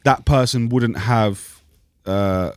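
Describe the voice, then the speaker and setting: A man, co-hosting a podcast in a halting casual chat, repeating words and swearing freely. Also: fairly low pitch, dry recording, studio quality. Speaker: podcast co-host.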